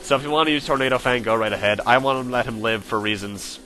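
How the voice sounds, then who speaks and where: A man gives relaxed let's play commentary over faint game music. His voice sits at an average pitch with a bright, forceful tone. He rambles chattily and catches his own slips. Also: quick pace. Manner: chatty and self-correcting, with frequent fillers. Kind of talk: casual gameplay commentary.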